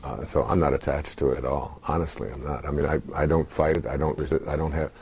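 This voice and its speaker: A man in his sixties, speaking as an interview guest in a halting, reflective way with many pauses and fillers. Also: a bass voice, fairly even intonation, darkish tone, husky. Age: 60s.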